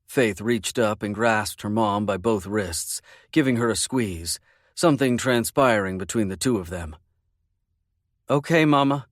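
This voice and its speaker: A man's voice: on the low side, dry recording. Dry, close male audiobook narrator. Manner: measured, intimate storytelling. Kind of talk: first-person romance audiobook narration.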